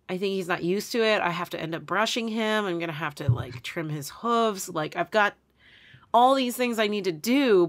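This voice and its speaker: Chatty, lower-voiced woman podcaster. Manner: animated storyteller, many fillers, laughs often. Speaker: podcast co-host. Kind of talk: casual chat.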